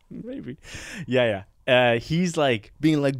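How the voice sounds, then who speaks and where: A man co-hosting a podcast, telling a story in a casual, animated way, acting out other people's voices and laughing often. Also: medium pitch, measured pace, no echo, studio quality. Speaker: podcast co-host.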